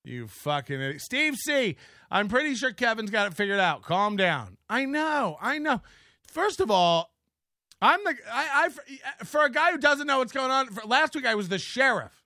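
Guy hosting a livestream, swears a lot, mocking, gravelly voice that jumps all over. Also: high voice, pushed and bright, dry recording, clean studio sound. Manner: profane, mocking, laughs often. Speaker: live show host. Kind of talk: casual livestream commentary.

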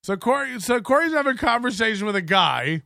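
Animated high-pitched male host, mocking. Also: brisk, vocal fry, no room sound, clean studio sound. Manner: mocking, ranting, mimics others in exaggerated voices. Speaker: show host. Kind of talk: comedic commentary on clips.

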